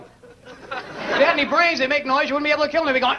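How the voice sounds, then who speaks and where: A male stand-up comic with a very high voice mocks his material in an incredulous tone. The recording is an old, dull broadcast tape. A loud audience laughs behind him, over heavy noise. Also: racing, over a noisy crowd. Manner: incredulous, mocking storytelling. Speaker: stand-up comedian. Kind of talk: stand-up set on a late-night show.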